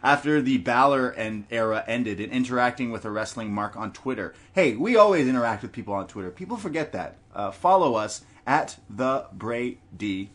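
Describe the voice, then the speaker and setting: A man's voice: mid-range voice, lively intonation, moderate pace, hardly any pauses, fairly bright tone. A man co-hosting a podcast in casual chat, reading listener messages aloud and laughing often. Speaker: podcast co-host.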